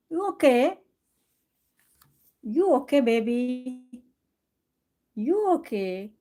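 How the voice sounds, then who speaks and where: Woman host, high mellow voice, affectionate live-stream chat. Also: expressive, a little slow, long pauses. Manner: doting, affectionate, laughing often. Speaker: cooking channel host. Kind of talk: casual live stream chat to her cat.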